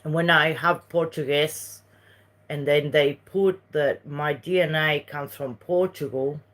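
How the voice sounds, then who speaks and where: A woman's voice: deep voice, fairly even intonation, measured pace, fairly bright tone. A woman from Uruguay with a Uruguayan Spanish accent, chatting casually on a livestream, rambling between topics and reading viewer messages. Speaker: livestream host.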